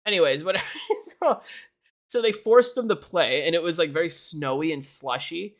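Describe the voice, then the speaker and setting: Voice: medium pitch, lively intonation, normal speed. A young adult streamer from Canada, chatting casually on a live stream, laughing often and swearing in rambling asides. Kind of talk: casual chat to a live audience. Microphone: desk mic for a live stream.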